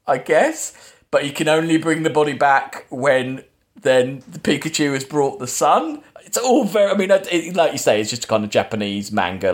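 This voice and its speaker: Rambling man recapping a film. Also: medium pitch. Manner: rambling, recaps the plot with many restarts. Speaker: podcast host. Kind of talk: casual film chat.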